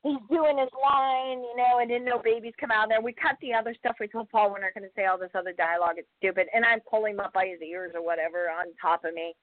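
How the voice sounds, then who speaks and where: An actress telling a story in casual podcast chat, acting out the quotes and swearing freely. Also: female voice, medium pitch, fairly even intonation, fast, hardly any pauses, no echo, phone-quality sound. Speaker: actress guest.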